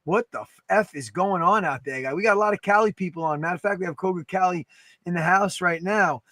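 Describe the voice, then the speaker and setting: A man co-hosting a podcast in casual chat, animated and emphatic, swearing freely. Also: sits high, fast talker, dry recording. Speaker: podcast co-host.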